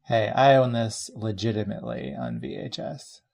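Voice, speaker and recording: A man's voice: mid-range voice, moderate pace, gravelly, darkish tone. A man co-hosting a podcast in casual talk, cracking dry jokes and laughing often. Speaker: podcast co-host. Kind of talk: casual movie review chat.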